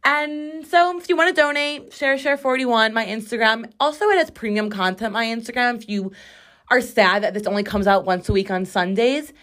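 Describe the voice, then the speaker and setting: Here a young woman co-hosts a laid-back podcast alongside her sister from the bathroom floor. Her pitch is medium and a bit bright; she jokes around, stays chatty and bubbly, and wastes no time plugging her socials.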